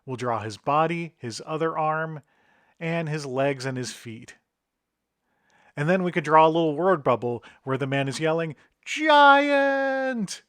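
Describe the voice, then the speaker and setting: A middle-aged man talks through a drawing tutorial one step at a time, in an instructive tone. His voice sits a little higher than most men's, and the recording is dry and close. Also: normal speed, a bit bright, no room sound. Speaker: author and illustrator.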